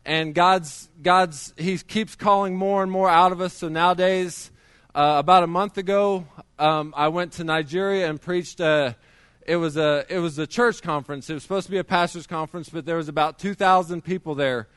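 A man's voice: sits high, steady tone, moderate pace, fairly bright tone, clean tone, no echo. A middle-aged man preaching a sermon, telling his testimony in a conversational way with many restarts.

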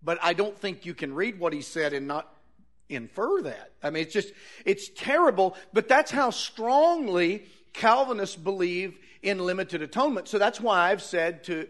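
A man's voice: sits high, fairly bright tone. A man preaching a sermon, reading Bible verses aloud and arguing his point earnestly with rhetorical questions.

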